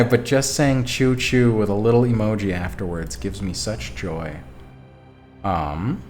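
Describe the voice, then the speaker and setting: A man streaming a text adventure, reading the story aloud and talking back to his chat, animated and quick to swear. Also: on the low side, faint music behind. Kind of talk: reading a game aloud and chatting with viewers.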